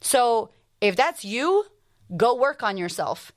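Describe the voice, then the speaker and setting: A high-pitched woman talks straight to her listeners as a life coach hosting her own motivational podcast. She is blunt and emphatic, swears freely, and fires off question after question. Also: sing-song. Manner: rapid-fire rhetorical questions.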